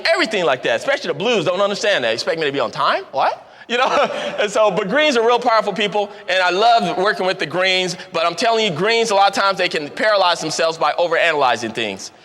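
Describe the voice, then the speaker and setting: Bright, high-voiced seminar speaker, joking. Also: male voice. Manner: energetic, jokey, repeats for emphasis. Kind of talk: motivational seminar talk. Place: large event hall. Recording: long hall reverb from a live event.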